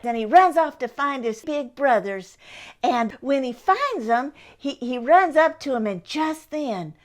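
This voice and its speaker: An older woman, telling a Bible story for children in a homespun, animated way. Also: on the high side. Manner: homespun, animated, acts out the characters.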